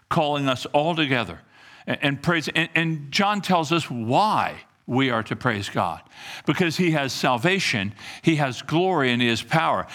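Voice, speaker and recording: A man's voice: a little high, pushed and bright. A middle-aged man preaching a sermon in earnest, reading scripture aloud and often repeating himself. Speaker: pastor.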